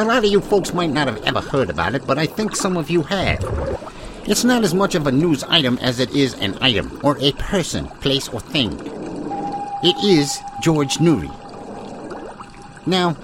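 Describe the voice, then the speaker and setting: A man's voice: on the high side, noisy background. A man hosting a mock news broadcast in a hammy, rambling, folksy announcer manner. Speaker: comedy news host.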